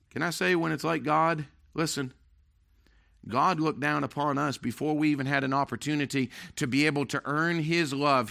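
Pastor, male, mid-high bright voice; emphatic preacher, loud-to-hushed swings. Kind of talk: sermon.

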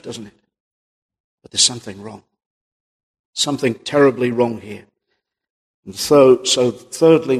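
A man's voice: medium pitch, slightly rough. A man preaching a sermon in an earnest, emphatic way, reading old-style scripture aloud. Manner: earnest, emphatic, quotes King James scripture. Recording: long reverb of a large hall.

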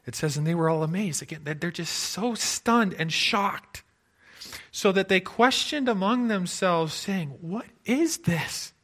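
A man preaching a sermon, expressive, moving between loud emphasis and hushed tones. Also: high voice, measured pace. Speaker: pastor.

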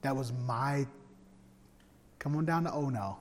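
Man, preacher, humorous storytelling sermon, loud-to-hushed swings, echoing hall. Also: mid-range voice, measured pace. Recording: long hall reverb.

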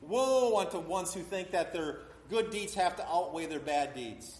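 Middle-aged preacher guy, pretty high voice, giving a sermon in a big echoey church. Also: expressive, a little slow, darkish tone. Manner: acts out voices in quotes, talks with a congregation. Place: church hall. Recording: echoey hall.

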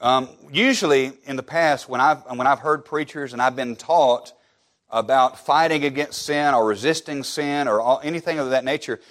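A man preaching a sermon, emphatic and repetitive, firing off rhetorical questions and dropping to soft, low asides at the ends of phrases. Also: normal speed.

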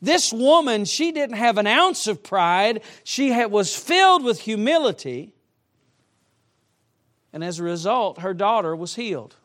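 High-voiced preacher delivering a lively sermon. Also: male voice, measured pace. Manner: emphatic, with humorous asides. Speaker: traveling preacher. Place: church sanctuary.

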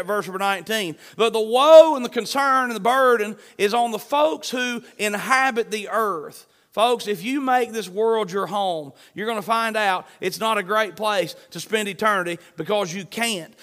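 A man's voice: high-pitched, a bit bright. A male pastor preaching an online sermon in an earnest, emphatic way, repeating his refrains.

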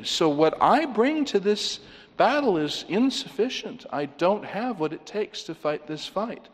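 A man with a mid-range voice preaches a sermon from the pulpit. He speaks emphatically and keeps posing rhetorical questions to his listeners. His words ring out with the long reverb of a big hall. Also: medium pitch. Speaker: pastor.

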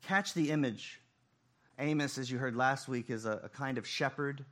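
A man preaching a sermon, swinging between loud emphasis and hushed, quiet phrases. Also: mid-range voice, moderate pace. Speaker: pastor.

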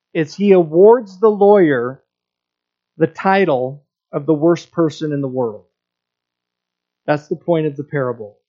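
Earnest man preaching a sermon, high voice. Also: a little mellow, dull audio. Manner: earnest, repeats words and restarts phrases. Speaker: pastor.

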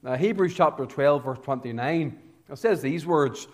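A man preaching a fire-and-brimstone sermon in a somewhat high voice. He drops to near-hushed warnings, then builds to loud, emphatic peaks. He stretches out the key words for weight. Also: moderate pace. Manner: swings between hushed lows and loud, emphatic climaxes, drawing out key words. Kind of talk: evangelistic sermon.

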